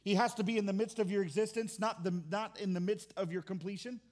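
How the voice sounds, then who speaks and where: A man's voice: sits high, fairly even intonation, quick pace, darkish tone. A man preaching as a pastor, conversational with restarts, mimicking complaining churchgoers. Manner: acts out churchgoers' complaints in mock voices. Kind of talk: sermon.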